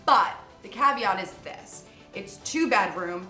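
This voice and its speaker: A bubbly, upbeat New York woman in her twenties produces and hosts a home tour vlog, chatting from her apartment. Her mid-range voice is animated, bright, and forceful, yet slow-paced. The room echoes, with faint music in the background.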